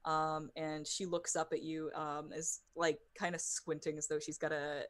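A woman runs a tabletop game in a low voice, narrating scenes as game master. Her delivery halts on fillers and restarts. The sound is dry and close. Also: flat delivery, clear, resonant tone, dry recording. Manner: halting, many fillers and restarts.

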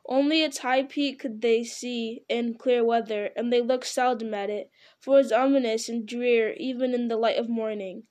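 A woman narrating an audiobook in a measured, dramatic storytelling manner. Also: a little high, fairly even intonation, a little mellow. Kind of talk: audiobook reading.

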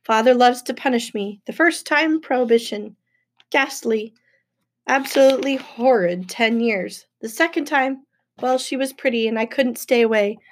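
A woman's voice: on the high side, animated, moderate pace. A woman voicing a middle-aged male wine god who is whiny, bored and condescending. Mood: petulant.

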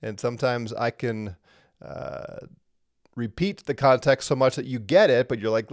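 Animated man teaching Scripture. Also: medium pitch, unhurried, dry recording, clean studio sound. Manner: conversational and animated, with frequent fillers and emphatic stresses. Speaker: Bible teacher. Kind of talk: livestreamed Bible lesson.

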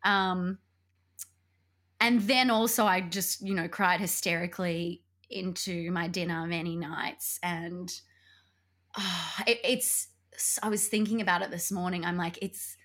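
A young adult woman, co-hosting a podcast and telling a breakup story in casual chat, animated and laughing often. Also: medium pitch. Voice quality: animated, laughs often, acts out quoted voices. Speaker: podcast co-host.

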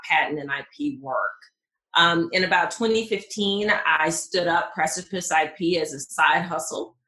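Southern US woman, podcast guest, enthusiastic with lots of ums, slightly low and forceful tone. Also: roomy sound, rough recording. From Mississippi, US. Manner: enthusiastic, many fillers and restarts. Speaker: patent attorney guest. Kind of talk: podcast interview.

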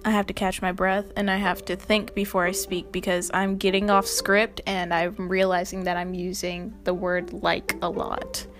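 A woman's voice: on the low side, level tone, moderate pace, hardly any pauses. Chatty young woman over faint music. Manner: chatty, laughing, exasperated asides. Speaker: video host. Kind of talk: scripted casual commentary.

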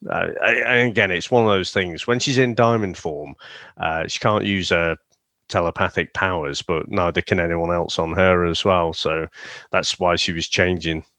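Low-voiced man reviewing movies. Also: steady tone, normal speed, bright, forceful tone, no room sound. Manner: rambling, frequent fillers and restarts. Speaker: podcast co-host. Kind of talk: casual movie review chat.

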